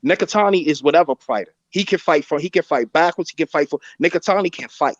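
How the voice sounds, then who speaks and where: Over dull, lo-fi video call audio with no echo, a boxing podcast panelist talks fast in a voice on the high side. He argues boxing in a heated casual debate and keeps insistently repeating his points.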